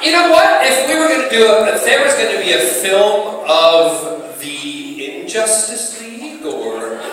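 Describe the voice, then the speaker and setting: A man's voice: sits high, big pitch swings, unhurried, noisy background. A man with an American accent who grew up in Scotland, answering fans at a convention panel in a playful, flirtatious way and laughing often. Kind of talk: live Q&A with fans. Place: large convention hall with audience. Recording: echoey convention hall recorded from far off, loud crowd.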